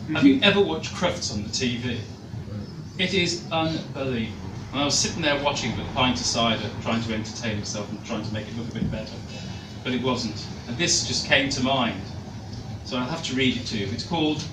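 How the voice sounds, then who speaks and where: A middle-aged man giving a live comic poetry reading with jokey, chatty introductions. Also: mid-range voice. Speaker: poet reading to an audience. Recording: echoey room, far mic, noisy.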